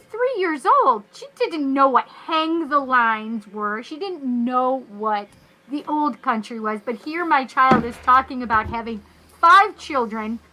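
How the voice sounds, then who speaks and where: A woman from North America, a guest telling a personal story in casual, animated talk, acting out the voices in her quotes. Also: sits high, rough recording.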